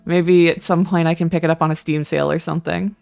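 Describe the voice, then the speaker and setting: A Canadian-accented streamer chatting casually while playing, with a self-mocking tone and an occasional swear. There is a gravelly edge to the voice, and soft music plays underneath. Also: mid-range voice, little pitch movement, fast, dry recording. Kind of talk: let's-play commentary and reading.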